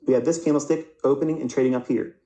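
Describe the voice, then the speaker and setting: A man's voice: medium pitch, fairly even intonation, quick pace, dark tone. Echoey-voiced man teaching chart trading. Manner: rhetorical questions, answering himself; repeats words, restarts mid-sentence. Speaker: trading instructor. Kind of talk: live market lecture over charts.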